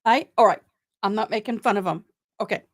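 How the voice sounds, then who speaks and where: A woman's voice: mid-range voice, fairly quick, no room sound. A woman with a Tennessee accent hosting a livestream, chatting casually and thanking viewers by name between trial updates. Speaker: livestream host commenting on a trial. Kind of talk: casual live commentary.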